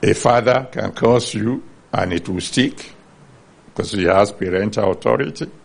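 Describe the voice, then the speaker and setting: A man's voice: on the low side, normal speed, vocal fry, husky. A man preaching a sermon, earnestly teaching from the Bible and citing chapter and verse.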